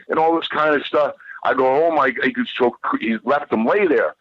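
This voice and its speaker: A man's voice: medium pitch, normal speed, few pauses. A man guest telling a long story in a profane, rambling, emphatic way. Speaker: podcast guest. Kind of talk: animated storytelling. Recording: dull lo-fi dry sound.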